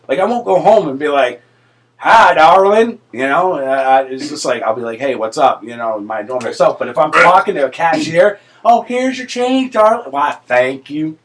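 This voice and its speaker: A man co-hosting a casual chat show, talking loosely, joking, swearing and laughing often. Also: medium pitch. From East Coast of the United States. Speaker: co-host.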